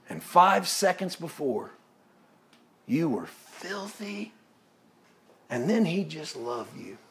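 A man preaching a sermon, swinging from loud exclaiming to hushed, intimate tones, often laughing as he talks. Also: on the high side, big pitch swings, takes it slowly, creaky, pauses often, a little hiss or hum.

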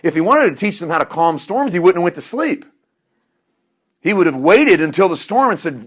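A middle-aged male pastor delivering a sermon with a somewhat high voice. He swings from loud, emphatic declarations to soft, confiding asides. He laughs at himself now and then as he preaches. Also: sing-song, moderate pace, slightly rough.

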